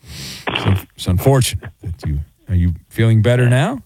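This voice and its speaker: A man hosting a sports radio call-in show, teasing callers in a playful, casual way with big swings in pitch. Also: very animated, moderate pace, a little mellow, dry recording. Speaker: radio host.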